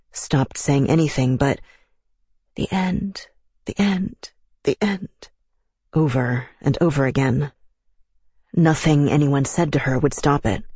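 A man narrating an audiobook in a measured, even manner. His voice is husky and mid-pitched, recorded dry and close on a studio mic. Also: no echo.

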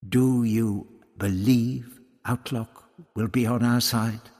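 A man's voice: mid-range voice, fairly even intonation, slow pace, a little mellow, long reverb tail. A man voicing a determined young woman who speaks firmly and directly in a storybook reading. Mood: worried. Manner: firm, cool and direct.

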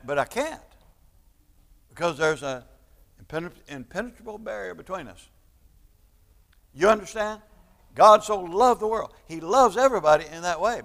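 A man preaching a sermon, stumbling over restarts and then building to loud, emphatic points. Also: fairly high pitch. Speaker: pastor. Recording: long church-hall reverb.

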